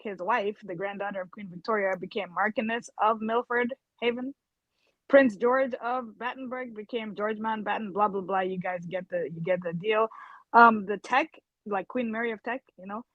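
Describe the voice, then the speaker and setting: A woman's voice: mid-range voice, no room sound, lo-fi sound. A woman co-hosting a livestream, chatting casually and laughing easily. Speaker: co-host guest. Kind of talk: casual live chat.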